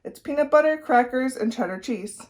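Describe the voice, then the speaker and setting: A woman voicing a cheerful young schoolgirl who insists on her odd sandwiches, earnest and bright. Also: high-pitched, expressive, normal speed, pitched above the performer's own voice. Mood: insistent.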